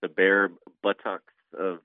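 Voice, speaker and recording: A man's voice: low-pitched, completely flat delivery, takes it slowly, no room sound. A man co-hosting a casual podcast, joking and rambling. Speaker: podcast co-host. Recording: tinny phone-like line.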